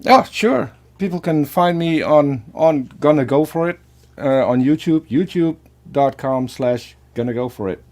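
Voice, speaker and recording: A man whose first language is Dutch, talking in a casual panel chat, halting and repeating words. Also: fairly high pitch, animated, a little mellow.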